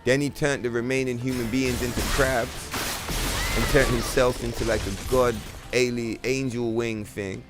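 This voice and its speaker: A man's voice: medium pitch, steady tone, normal speed, over music. A man streaming a game, rambling in a casual, profane, slang-heavy way. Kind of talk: casual livestream chat.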